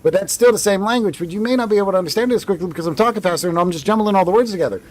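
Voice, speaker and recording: A man voicing a fast-talking, folksy good-old-boy with a put-on Southern US accent, words jumbled together. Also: high voice, a little mellow, pitched above the performer's own voice, lightly acted. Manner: rapid, run-together, folksy.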